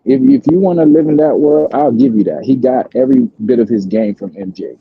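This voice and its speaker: A man's voice: medium pitch, a little fast, creaky. A man arguing on a live stream, irritated, profane and dismissive toward the caller. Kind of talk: heated debate on a live stream. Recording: dull dry lo-fi stream audio.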